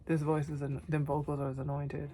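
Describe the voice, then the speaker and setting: A young woman talking tenderly to herself on camera in a vlog, soft and often whispery, teary, her voice going hoarse. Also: low-pitched, flat delivery, normal speed, a little hiss or hum. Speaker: vlogger. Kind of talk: emotional self-talk to camera.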